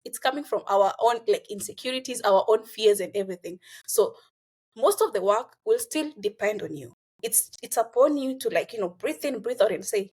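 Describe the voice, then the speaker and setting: A young woman from Kenya, talking earnestly as a guest in a casual conversation and filling pauses with "you know" and "like.". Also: mid-range voice, expressive, darkish tone, breathy edge. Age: young adult.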